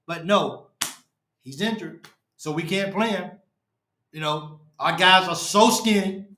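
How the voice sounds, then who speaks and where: A man's voice: high voice, pushed and bright. A man hosting a fan show, ranting after a game, frustrated and repetitive. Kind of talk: post-game fan rant. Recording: echoey room.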